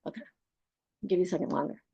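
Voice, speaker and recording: A woman's voice: on the low side, racing, creaky, warm tone, breathy edge, muffled recording. A woman leading a group through a guided body exercise on a video call, coaching them and often laughing. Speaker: workshop leader.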